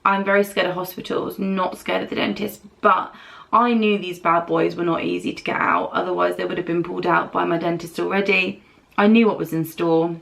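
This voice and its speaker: A woman's voice: on the low side, level tone, brisk, creaky, fairly bright tone. A young British woman vlogger telling a rambling story while doing her makeup, acting out other people's lines as she goes. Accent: British English. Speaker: beauty vlogger. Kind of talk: chatty get-ready-with-me storytelling.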